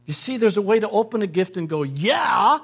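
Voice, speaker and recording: A man's voice: high-pitched, fast, warm tone, breathy edge. An older man preaching a sermon as a pastor. He tells stories, acts out family members' voices and repeats phrases for emphasis.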